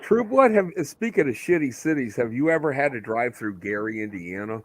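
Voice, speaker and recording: A man's voice: medium pitch, lively intonation, moderate pace. A man hosting a casual chat, joking and swearing, laughing often.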